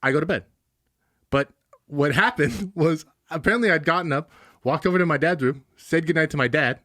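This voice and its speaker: Fast-talking young man telling stories. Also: fairly high pitch, dry recording, studio quality. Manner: animated, laughs often, many fillers. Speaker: podcast co-host. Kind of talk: casual storytelling.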